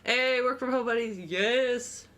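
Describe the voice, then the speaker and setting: A woman's voice: fairly high pitch, takes it slowly, a bit bright. A woman co-hosting a game stream, chatting casually and telling stories with frequent giggles. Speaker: gaming streamer co-host. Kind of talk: casual chat while playing a game.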